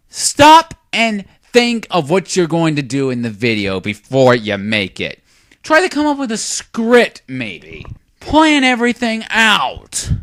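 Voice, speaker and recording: A man's voice: a little high, a bit bright, no room sound, studio quality. A young man giving a lecturing, sarcastic commentary rant on a video. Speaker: YouTube commentator.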